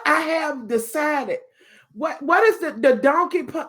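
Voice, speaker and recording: A woman's voice: high voice, sing-song, unhurried, fairly bright tone. A woman hosting a casual live stream, chatting in a sassy, bawdy way with laughing asides to her viewers.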